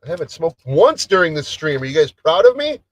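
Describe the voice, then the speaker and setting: A man's voice: a little high, big pitch swings, a little fast, poor audio. A man hosting a casual solo livestream, chatting in a rambling way with lots of restarts and trailing thoughts. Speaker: livestream host. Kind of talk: casual solo stream chat.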